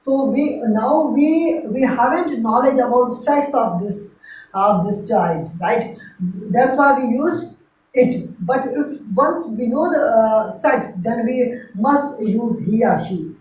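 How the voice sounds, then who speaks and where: A woman's voice: fairly high pitch, lively intonation, takes it slowly. A woman teaching grammar in a lecture, repeating each example and checking with "right?". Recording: echoey room from far, dull lo-fi.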